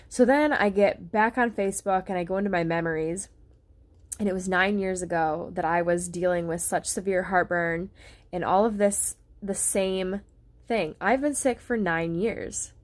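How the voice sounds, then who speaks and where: A woman talking to the camera at home in a casual, rambling way, with many fillers and restarts. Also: medium pitch. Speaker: vlogger sharing a health experience. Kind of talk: casual personal talk to camera. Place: at home, on a couch.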